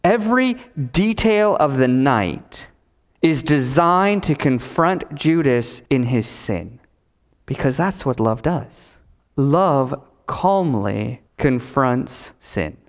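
A male pastor preaching a sermon, emphatic, with repetition and dramatic pauses. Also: mid-range voice, lively intonation. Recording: reverberant hall.

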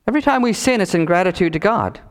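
Male pastor, sermon delivery; high, animated voice, emphatic repetition, reverberant church hall. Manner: emphatic preaching with repetition and dramatic pauses.

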